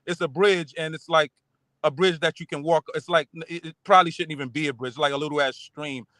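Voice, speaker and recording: New York man hosting a casual livestream, streetwise and emphatic, higher pitch, dry mic. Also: fairly even intonation, brisk, fairly bright tone, dry recording, rough recording. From the Bronx, New York. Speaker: livestream host reading chat.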